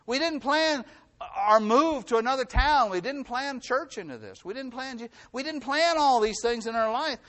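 A middle-aged man preaching a sermon as the pastor, building his points by repetition and swinging between loud emphasis and hushed, quiet passages. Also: extremely high pitch.

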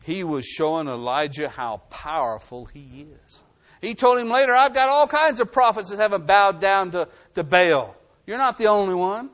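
A man preaching a sermon, reading scripture aloud and then explaining it, swinging between forceful bursts and low hushed phrases. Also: moderate pace. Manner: reads scripture then preaches with rising and falling intensity; drops to a low hushed voice for emphasis. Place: New Mexico.

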